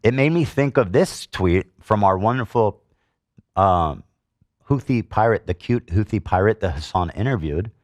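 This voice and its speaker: A man's voice: lowish voice, expressive, normal speed, dry recording, studio quality. A middle-aged man hosting a podcast, delivering an indignant, swearing commentary monologue and reading comments aloud with sarcasm. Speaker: podcast host.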